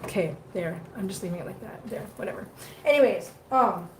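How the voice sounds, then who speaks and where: A woman's voice: medium pitch, animated, fairly quick, slight background noise. A woman hosting a casual live stream from home, chatting with viewers and cooing at her cats in baby talk. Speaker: cat channel host.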